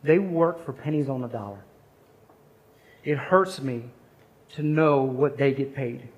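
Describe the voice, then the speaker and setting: A man's voice: medium pitch, a little slow, highs cut off. A man speaking at a chapel service, telling a personal story in an earnest, conversational sermon.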